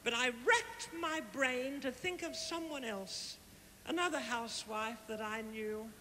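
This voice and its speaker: A man's voice: very high voice, a little slow. A man playing a flamboyant, gushing aging Australian housewife diva with an Australian accent, giving a live comic stage introduction. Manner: theatrical, gushing, cheekily condescending. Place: huge outdoor concert at a palace. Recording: echoey live arena with loud crowd noise.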